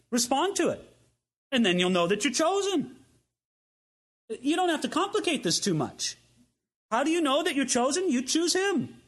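Animated high-pitched male preacher. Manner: animated, acts out voices of listeners and the king. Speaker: pastor. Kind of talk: sermon.

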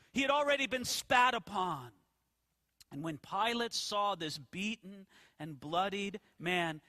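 A man preaching a sermon, telling the story with animated questions to his listeners. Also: very high-pitched, no room sound. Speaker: pastor.

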